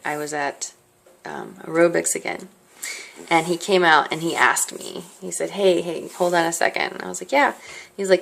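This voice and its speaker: A woman's voice: low voice, gravelly, a bit bright. A young woman casually telling a long personal story to the camera, chatty and rambling, with lots of fillers and asides. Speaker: vlogger. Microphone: handheld device held close.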